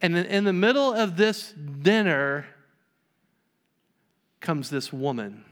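A man preaching a sermon, his voice sitting a bit high for a man. He retells a story, acting out the people in it as he goes. The church around him rings with a long reverb. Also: fairly bright tone, clear, resonant tone. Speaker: pastor.

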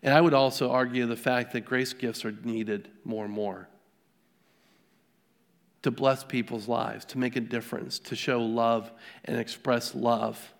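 A man's voice: mid-range voice, fairly even intonation, measured pace, vocal fry. Middle-aged male pastor telling stories in a sermon. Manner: conversational storytelling, frequent restarts and rhetorical questions.

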